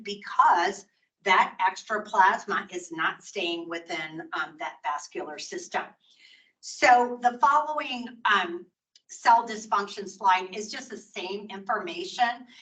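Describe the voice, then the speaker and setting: Older woman nurse educator, bright voice, chatty lecture pace, set back from the mic. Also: mid-range voice, far from the mic, low-quality recording. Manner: conversational teaching, acts out patient quotes. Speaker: nursing educator. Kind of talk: recorded continuing-education lecture.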